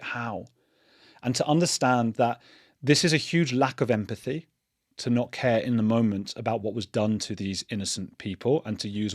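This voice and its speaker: A man's voice: medium pitch, a little mellow, no room sound. Earnest man hosting commentary, dry sound. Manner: earnest, thinks aloud with restarts. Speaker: channel host. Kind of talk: casual commentary to camera.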